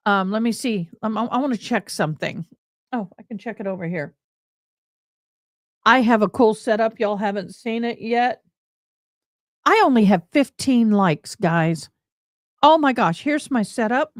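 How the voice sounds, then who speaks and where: A chatty Texan woman runs a casual livestream, her voice sitting a little high. She sounds bubbly and friendly, saying y'all a lot. The recording is dry and close. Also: measured pace, pauses often, dry recording. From Tennessee, USA. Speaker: livestream host.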